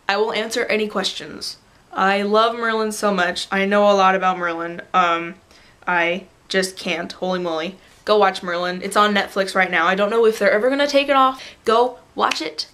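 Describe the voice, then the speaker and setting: A young adult woman vlogging to a camera on a tripod, rambling excitedly in a casual fan rant. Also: medium pitch.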